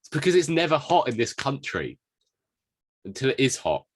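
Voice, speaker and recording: A young Englishman co-hosts a podcast while sick with covid, keeping the casual chat jokey and self-deprecating. His medium-pitched voice is husky and sing-song at a moderate pace, with no echo.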